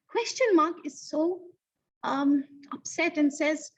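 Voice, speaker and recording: In a high, animated, sing-song teacher voice, a woman leads an online lesson for young children and slows to emphasize key words. The sound is distant, dull and lo-fi.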